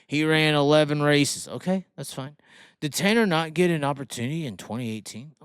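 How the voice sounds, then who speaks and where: Male stream host, argumentative, fires off rhetorical questions; smooth, dry sound. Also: fairly high pitch, brisk, no room sound. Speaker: host of a racing livestream. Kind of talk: casual livestream commentary.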